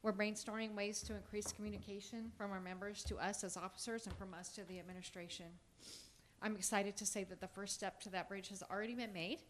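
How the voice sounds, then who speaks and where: A woman's voice: fairly low pitch, slight background noise. A middle-aged woman, a teacher giving an earnest prepared statement at a public forum. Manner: earnest, measured, reading a speech.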